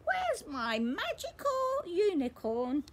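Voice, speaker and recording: A woman voicing an eager little girl piglet from a storybook, lifting her voice higher. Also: wildly swooping pitch, slow pace, full character voice.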